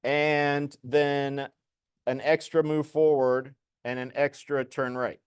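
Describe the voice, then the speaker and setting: A man's voice: medium pitch, flat delivery, slow pace, clear, resonant tone, dry recording, clean studio sound. A man teaching a programming lesson to a class, explaining code casually as he demonstrates it.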